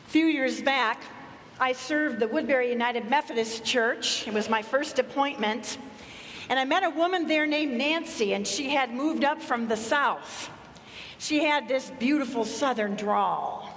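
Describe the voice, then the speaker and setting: A woman's voice: high voice, unhurried, fairly bright tone, a little hiss or hum. A woman pastor preaching a sermon in a conversational, storytelling way. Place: church sanctuary. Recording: echoey church hall.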